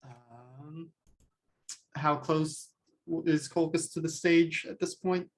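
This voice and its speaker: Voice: mid-range voice, steady tone. A player in a tabletop game, describing his character's actions and speaking humbly in character. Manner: slow, hesitant, humble in character.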